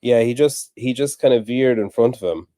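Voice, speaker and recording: A man's voice: medium pitch, moderate pace, dark tone, no room sound. A man co-hosting a podcast, sarcastic and profane in casual chat. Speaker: podcast co-host. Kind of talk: casual chat watching a broadcast.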